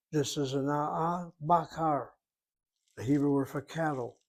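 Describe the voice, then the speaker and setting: An older man teaching a Hebrew lesson, explaining rules methodically and repeating key points as he writes on a board. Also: mid-range voice. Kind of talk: classroom lecture at a whiteboard.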